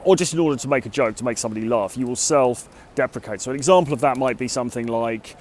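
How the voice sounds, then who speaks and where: A man's voice: medium pitch, quick pace, slight background noise. A British man who coaches on dating gives casual advice to the camera outdoors in a city. He talks in a chatty way and hedges a lot with "sort of" and "kind of". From Britain.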